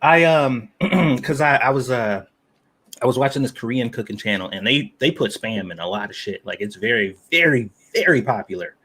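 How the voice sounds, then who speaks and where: A relaxed man chatting on a livestream about cooking. He swears offhandedly and speaks in an ordinary mid-range voice. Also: mid-range voice, normal speed, husky. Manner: laid-back, swears, laughs easily. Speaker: stream co-host with cooking channel. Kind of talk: casual chat.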